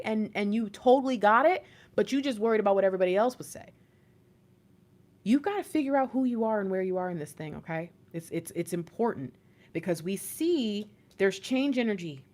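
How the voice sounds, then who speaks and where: A woman's voice: on the high side, expressive, moderate pace, darkish tone. A woman hosting a live stream as an intuitive reader, giving viewers a blunt, slangy pep talk with bursts of laughter.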